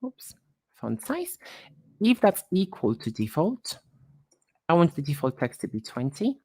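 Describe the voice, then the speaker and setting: A woman presenting a live software tutorial, talking while she clicks through screens and quickly corrects her own slips. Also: deep voice, sing-song, breathy edge, no echo, clean studio sound.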